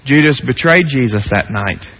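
A man preaching a sermon, dropping to hushed low tones and rising to raised pleading. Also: lively intonation, moderate pace. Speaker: pastor. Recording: dull lo-fi sound with long hall reverb.

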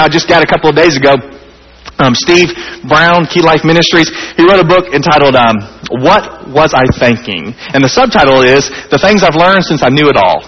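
A man preaching a sermon in a church, earnest, rising high and animated then dropping soft and intimate. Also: breathy edge, long reverb tail, rough recording. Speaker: pastor.

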